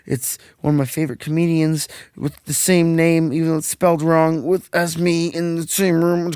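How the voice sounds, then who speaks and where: A man's voice: fairly high pitch, level tone, moderate pace, few pauses, a little mellow, clear, resonant tone, no room sound, clean studio sound. A young man hosting a casual podcast, a profane, rambling storyteller who acts out the quotes. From Canada. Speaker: podcast host.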